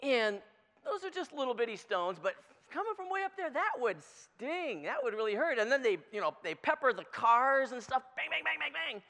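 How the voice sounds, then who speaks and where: A preacher giving a conversational sermon, telling a story in an animated, chatty way. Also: medium pitch, moderate pace. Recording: long hall reverb.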